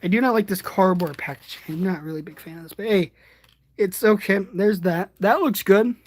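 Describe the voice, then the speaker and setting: An eighteen-year-old man chatting casually from his bed during a livestream unboxing, rambling and excitable, and often poking fun at himself. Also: high voice, fairly quick. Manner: excitable, rambling, self-deprecating. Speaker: toy reviewer streaming.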